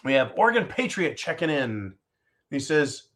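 A man's voice: on the high side, expressive, moderate pace, fairly bright tone. A man hosting a talk show, ranting in angry, sarcastic political commentary and answering listener comments.

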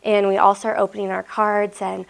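A young woman from Nebraska, a missionary telling a personal story at a school assembly in a lively, chatty way full of "like.". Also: medium pitch, moderate pace, gravelly. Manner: lively, chatty, many "like" fillers. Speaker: missionary speaker. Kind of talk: storytelling talk.

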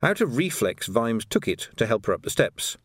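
Male audiobook narrator, expressive and measured, dry read. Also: mid-range voice, dry recording. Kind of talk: scripted narration.

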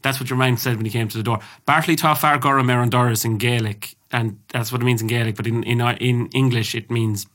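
A man's voice: mid-range voice, fairly even intonation, brisk, few pauses, a bit bright. A young Irish man co-hosting a podcast, chatting casually and teasing his friend with frequent laughs. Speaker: podcast co-host. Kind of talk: casual chat.

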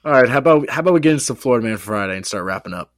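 A man hosting a sports podcast, excitable and playful, hyping the show between casual chat. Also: mid-range voice, rapid-fire, dry recording, studio quality. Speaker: podcast host.

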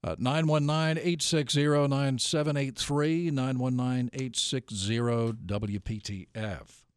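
An older man hosting a call-in gardening radio show, jokey and animated. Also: medium pitch, clear, resonant tone, no room sound. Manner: lively, jokey, reads phone numbers slowly.

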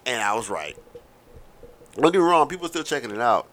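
A podcast host in his thirties delivers a casual, rambling monologue full of asides, wry and profane. His mid-range voice is sing-song and a bit bright, and he calls himself a fast talker.

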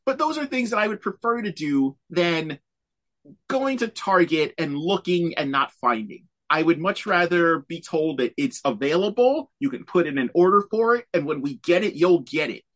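Animated man on a video call. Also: a little high, moderate pace. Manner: animated, laughs often. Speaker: podcast co-host. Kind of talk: casual chat.

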